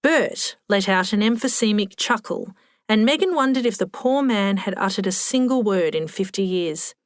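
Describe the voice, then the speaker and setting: A woman reads a story aloud with wry, measured delivery, at an everyday pitch. The voice is dry and close, with no room around it. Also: animated, no room sound. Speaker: audiobook narrator. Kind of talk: scripted narration.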